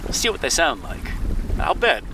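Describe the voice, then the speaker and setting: A man's voice: on the high side, wildly swooping pitch, unhurried. A man introducing a lesson in a casual, conversational way, recorded outdoors on a beach. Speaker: presenter. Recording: windy beach, distant mic.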